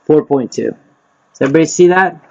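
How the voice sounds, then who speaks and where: A man's voice: a little high, lively intonation, normal speed, vocal fry, darkish tone. A man leading a live lesson on loan interest, quizzing his group and tagging "right?" onto his points. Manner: quizzes the group, repeats himself, frequent "right?" and "okay?". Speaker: real estate investing instructor. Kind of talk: live teaching session. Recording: dull lo-fi sound.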